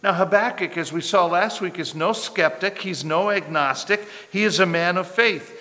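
A bright, fairly high-voiced man preaching in a church sanctuary, his voice ringing with long hall reverb. He tells a story, acts out the voices in it and builds to impassioned pleas. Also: moderate pace. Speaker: pastor. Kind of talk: sermon.

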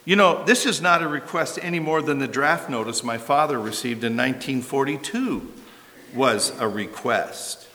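A man's voice: mid-range voice, lively intonation, normal speed, sharp tone. An older man preaching a sermon as a pastor, conversational and emphatic, asking rhetorical questions and adding asides. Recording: long reverb of a large hall.

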